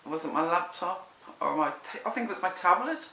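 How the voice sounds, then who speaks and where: A woman telling a personal story in casual spoken style, animated and rambling with many restarts. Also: on the low side, fairly quick. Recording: echoey room.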